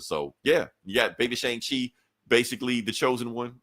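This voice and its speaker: A man co-hosting a podcast, recapping a comic book in a casual, profane, animated way. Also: medium pitch, normal speed. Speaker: podcast co-host.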